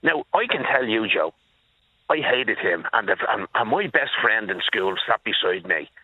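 With a husky, somewhat low voice, a man in his sixties from Dublin phones in to a radio show and emphatically tells his story, addressing the host by name. He's animated and speaks at normal speed, with no echo on a tinny phone line.

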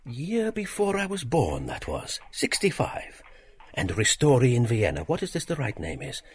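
A man's voice: mid-range voice, wildly swooping pitch, normal speed, a little hiss or hum. An actor playing a polite, reflective middle-aged man who muses aloud with hesitations.

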